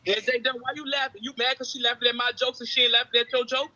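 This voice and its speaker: A man playing a brash, cocky stoner named Craig in a comedy skit, trash-talking in fast roasts. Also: very high voice, flat delivery, bright, forceful tone, lo-fi sound, heavily acted. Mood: roasting.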